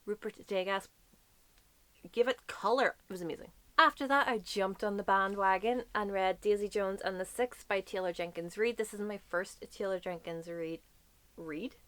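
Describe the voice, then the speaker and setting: A woman's voice: medium pitch, normal speed, fairly bright tone, no echo. A woman reviewing the books she read this month in a casual, effusive chat, swearing now and then. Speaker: book reviewer. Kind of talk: casual monthly book wrap-up.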